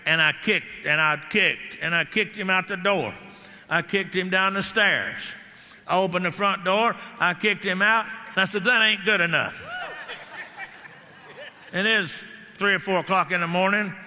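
A man preaching a sermon, telling animated stories and shouting declarations. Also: sits high, moderate pace. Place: church hall. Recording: hall reverb.

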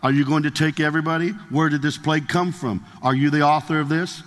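A man's voice: on the high side, steady tone, quick pace, a bit bright, long reverb tail, close to an everyday voice. A man voicing a fervent old-time male pastor who cries out and declaims in anger at disease. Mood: anguished. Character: grieving then furious male pastor in prayer.

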